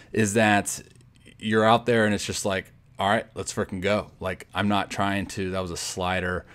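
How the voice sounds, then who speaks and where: Young male pitcher, deep clear voice, easygoing and rambling commentary over his own footage. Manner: laid-back, rambling, full of "like" and "you know". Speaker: pro baseball pitcher. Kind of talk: casual breakdown of game footage.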